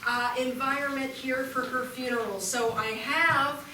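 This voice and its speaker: A woman playing a giggly, high-voiced estate manager. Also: steady tone, a little slow, bright, forceful tone, distant mic. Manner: bubbly, rambling, giggly. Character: chatty woman estate manager hosting a funeral. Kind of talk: live improv comedy. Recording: roomy live stage recording from afar, noisy.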